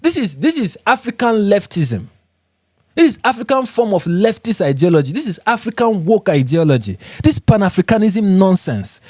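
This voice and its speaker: Brief: Nigerian male livestream host, emphatic, repeats lines for effect, lively delivery, dry sound. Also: sits high, moderate pace, no room sound. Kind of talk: live reaction commentary reading viewer comments.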